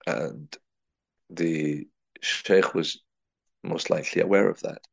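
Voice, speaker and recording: A man's voice: low-pitched, fairly even intonation, slow, creaky, slightly rough, no echo, highs cut off. A man from England giving a reflective spiritual talk, telling a personal story and weaving in Arabic and Urdu religious terms. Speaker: religious teacher.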